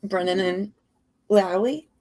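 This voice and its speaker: Slow and darkish in tone, this woman's mid-range voice carries a casual trial watch conversation she co-hosts. She sounds tired, chats freely, laughs a lot, and makes herself the butt of her jokes.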